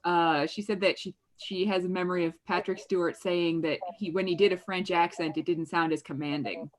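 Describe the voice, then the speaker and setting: A woman's voice: lowish voice, steady tone, brisk. A woman in a casual group call, explaining things in a playful way. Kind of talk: casual chat.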